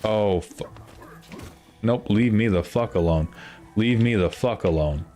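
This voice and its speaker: A man's voice: fairly low pitch, measured pace, mellow, soft background music. A young man streaming a video game, reacting with constant frustrated swearing as he plays. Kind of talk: live gameplay commentary.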